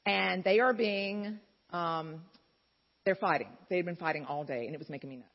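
A woman's voice: fairly low pitch, moderate pace. A woman giving an encouraging faith-based talk to mothers in a large hall, telling candid stories in a conversational way with asides. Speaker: speaker at a mothers' gathering. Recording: dull, lo-fi recording in a reverberant hall.

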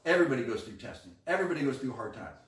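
A man preaches with energy, swinging between hushed asides and sudden emphatic bursts as he acts out quotes. His voice sits at a middling pitch and is heard from some distance in an echoey church room. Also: lively intonation, very fast. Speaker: pastor. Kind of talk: sermon.

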